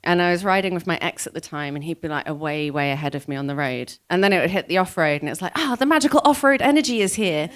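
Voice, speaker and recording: A woman's voice: deep voice, quick pace, few pauses, clean tone. A woman answering questions on a live panel, enthusiastic and playful, acting out little voices. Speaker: panel guest, mountain biker.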